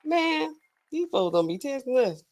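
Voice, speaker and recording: A woman's voice: sits high, sing-song, measured pace, a little mellow. A woman hosting a live stream in a loose, slangy, rambling chat, laughing often and talking straight to her viewers.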